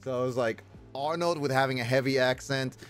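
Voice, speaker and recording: A man's voice: mid-range voice, fairly quick, faint music behind. A man streaming and chatting casually with viewers, rambling with lots of fillers and restarts.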